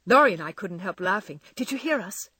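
A woman voicing a clumsy, impulsive and good-hearted teenage girl who talks in quick, bright exclamations. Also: medium pitch, lively intonation, breathy edge, dry recording. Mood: chatty.

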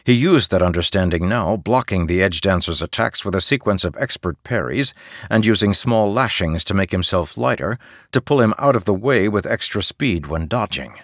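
A man narrating a fantasy audiobook in a measured, steady storytelling manner. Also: low voice, no room sound, clean studio sound.

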